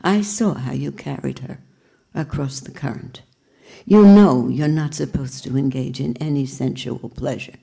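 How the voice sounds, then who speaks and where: A woman's voice: extremely low pitch, measured pace, gravelly, warm tone, heavily acted. A woman doing a resentful young monk.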